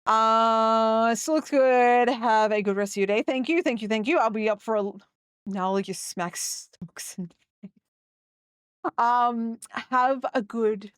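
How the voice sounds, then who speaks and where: A woman's voice: on the high side, takes it slowly, smooth, no echo, studio quality. A young woman chatting casually with her viewers during a live gameplay stream, rambling and upbeat. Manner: chatty and rambling, talking to chat.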